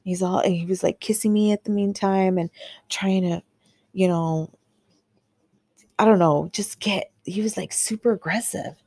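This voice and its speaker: A woman's voice: medium pitch, steady tone, normal speed, a little mellow, husky, no echo. A woman hosting a podcast, telling a personal story in a candid, chatty way full of fillers and acted-out quotes. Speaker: podcast host. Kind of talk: casual storytelling monologue.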